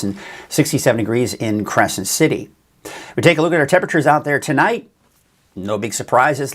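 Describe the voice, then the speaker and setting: A man's voice: mid-range voice, husky. A man hosting a weather forecast show, with a conversational style and some fillers and self-corrections. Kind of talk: casual weather forecast talk.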